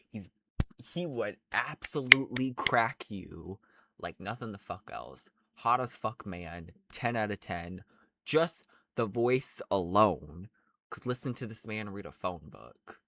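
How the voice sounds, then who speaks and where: A man's voice: lowish voice, fairly bright tone, no echo. A young man chatting casually in a rambling, crude, gushing way as he ranks characters. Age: young adult. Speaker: vlogger. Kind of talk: casual ranking chat.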